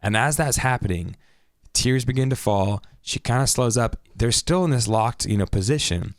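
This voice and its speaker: Animated man retelling a story. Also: mid-range voice, normal speed, no room sound, clean studio sound. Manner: animated storyteller, laughs often. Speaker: podcast host. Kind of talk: casual chat recapping an anime episode.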